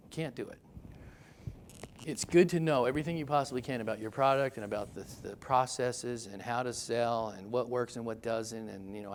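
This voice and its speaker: A middle-aged man leads a seminar in a loose, chatty storytelling way, often poking fun at himself. His voice sits mid-range with a gravelly, frying grain. A faint hiss runs underneath. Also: medium pitch. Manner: chatty storyteller, self-deprecating. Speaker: seminar speaker. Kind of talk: motivational seminar talk.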